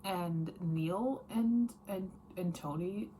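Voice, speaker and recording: Drawing out her words in a dark, fairly low voice, a woman rambles candidly about the books she's read. It's a relaxed wrap-up from a book vlogger, peppered with fillers and corrections, with slight noise in the background.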